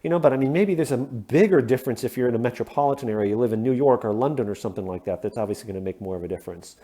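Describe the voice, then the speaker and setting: A plain-spoken man from the American Midwest talks through his explanation one step at a time, often pausing to ask "okay?". His voice is mellow and relaxed, sitting at an ordinary middle pitch. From Midwestern United States. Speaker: shoe hobbyist host. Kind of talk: casual instructional explanation.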